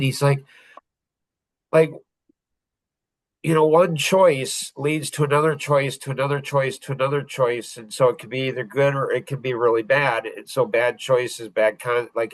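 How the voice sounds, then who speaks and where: A podcast host telling a personal story in a reflective, halting way, with pauses and restarts. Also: male voice, medium pitch, steady tone, dry recording, low-quality recording.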